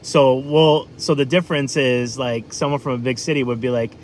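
A man's voice: medium pitch, moderate pace, few pauses, a little hiss or hum. Chatty New man on a livestream. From New England. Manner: rambling, chatty, lots of fillers. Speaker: livestream food vlogger. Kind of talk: casual live-stream chat.

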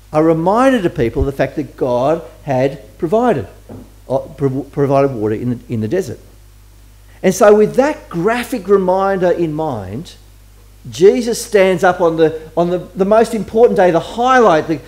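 During a church service, a male pastor whose voice is a little high with a darkish tone delivers a chatty sermon. He speaks conversationally and poses questions to the congregation along the way.

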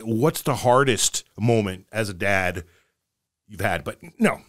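A middle-aged man co-hosting a casual podcast, telling dad jokes in a playful, animated way. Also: on the low side, slow, no echo, studio quality. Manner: jokey, animated storyteller, acts out voices in jokes.

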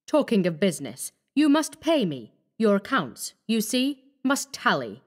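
A woman voicing a cold, scheming young male doctor who talks calmly and menacingly. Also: mid-range voice, unhurried. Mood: coaxing. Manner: calm, coaxing, menacing.

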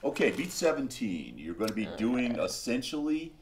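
A man narrating a tabletop game as game master, animated and laughing as he tells the story. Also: mid-range voice, normal speed, slight background noise.

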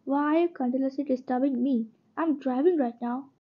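Una mujer leyendo a un marido joven, frío y cortante. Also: female voice, high-pitched, brisk, natural voice. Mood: harsh, annoyed. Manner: curt and scolding. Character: cold, harsh young husband. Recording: dull lo-fi recording.

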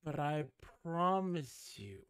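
A man's voice: fairly high pitch, big pitch swings, slow pace, clean tone, dry recording, studio quality. A man streaming games live, chatting casually to his viewers in a giggly, rambling way.

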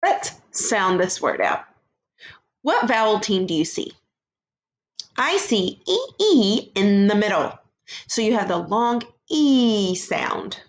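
Early-grade teacher, woman, slow and sing-song, stretching out sounds for little learners. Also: mid-range voice, big pitch swings. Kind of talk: phonics lesson for young children.

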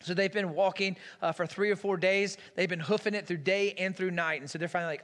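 A man preaching a laid-back, storytelling sermon with a notably high voice. His words ring through a church sanctuary with a long hall reverb. He keeps the tone conversational and plainspoken. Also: steady tone, fast, hardly any pauses, a bit bright. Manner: casual, storytelling. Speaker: pastor.

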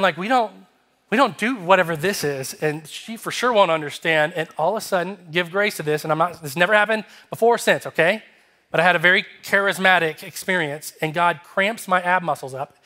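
A male pastor tells a story from the pulpit with lively humor. He acts out each exchange as he goes. His voice is bright and forward and sits a little high for a man. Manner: animated, humorous, acts out dialogue. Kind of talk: sermon storytelling.

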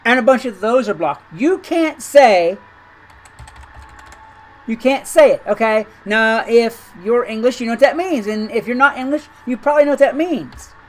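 A woman with a high-pitched voice talks through a gaming video in a loose, conversational way. She rambles and doubles back on her words, sounding incredulous. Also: expressive, normal speed, rough recording. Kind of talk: chatty commentary over gameplay.

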